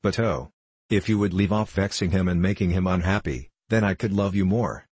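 A man reading an audiobook, voicing a gentle little girl who speaks earnestly and pleadingly. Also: low-pitched, moderate pace, slightly rough, dry recording.

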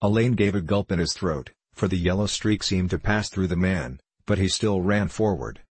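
A man narrating a historical adventure audiobook in a steady, measured reading. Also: deep voice, slightly rough, dry recording. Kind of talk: scripted narration.

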